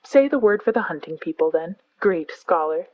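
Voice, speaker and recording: A woman's voice: lowish voice, animated, moderate pace, dry recording, lo-fi sound, lightly acted. A woman voicing an earnest, fond old bear who lectures his pupil in a storybook reading. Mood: earnest lecturing.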